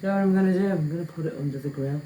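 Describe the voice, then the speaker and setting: A woman's voice: low voice, rapid-fire, noisy background. Chatty woman cooking at home. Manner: chatty, self-mocking, talks to viewers while cooking. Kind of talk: casual cooking vlog. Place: home kitchen. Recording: echoey kitchen with clattering pans.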